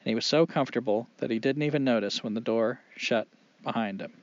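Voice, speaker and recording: Expressive male oral storyteller, dramatic pauses; dull, dry lo-fi recording. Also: medium pitch, no room sound.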